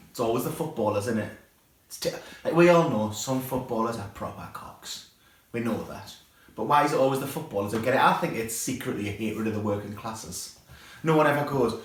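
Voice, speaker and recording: Sweary comic in a very echoey room. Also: male voice, medium pitch, animated, moderate pace. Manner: ranting, sweary, conversational. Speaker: comedy show presenter. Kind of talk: stand-up comedy rant.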